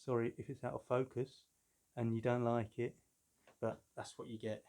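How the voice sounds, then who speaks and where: A man of about fifty, chatting casually and telling jokey stories as he unboxes a collectible. His voice sits at a plain mid pitch, and he rambles with easy humour. The sound comes from a camera mic indoors at home. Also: level tone, moderate pace, dark tone, a little hiss or hum. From London, England. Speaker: collector reviewing a figure.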